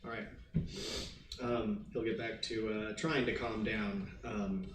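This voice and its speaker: A man's voice: lowish voice, fairly even intonation, takes it slowly. A man acting as game master of a tabletop game, laid-back and hesitant, with many fillers. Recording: roomy distant mic, faint noise.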